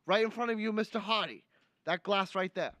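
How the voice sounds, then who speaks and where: A man's voice: high-pitched, a little fast, sharp tone, dry recording. A young man putting on an indignant older male senator with a Brooklyn accent, lecturing and repeating his outrage in a comic political impression. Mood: fussy. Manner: ranting, finger-wagging, repeats outrage lines. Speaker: student livestream presenter.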